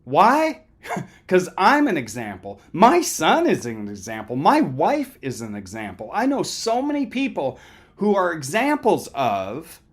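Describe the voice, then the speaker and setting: Middle-aged male counselor, emphatic and conversational, keeps asking "right?"; very animated delivery. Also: fairly high pitch, a little slow. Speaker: counselor giving a lecture. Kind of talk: motivational talk.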